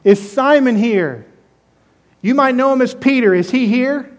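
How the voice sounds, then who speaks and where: A man's voice: very high voice, unhurried, voice pushed up. A man voicing casual messengers calling out.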